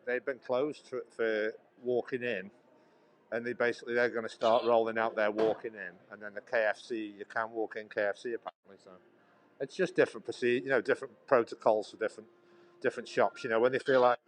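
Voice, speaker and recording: A man's voice: medium pitch, rough recording. A man chatting casually on a walking vlog, rambling and restarting his sentences, filming on a handheld phone outdoors and then inside a coffee shop. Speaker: vlogger.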